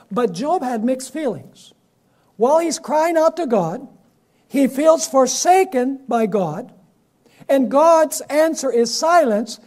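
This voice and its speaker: High-voiced man preaching dramatically. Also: lively intonation, slow pace. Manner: emphatic, dramatic swings between loud and soft. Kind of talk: sermon with scripture reading.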